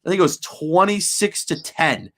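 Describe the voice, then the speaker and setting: A man's voice: on the high side, sing-song, normal speed, a bit bright. A man co-hosting a sports fan show, sarcastic and crude. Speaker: co-host.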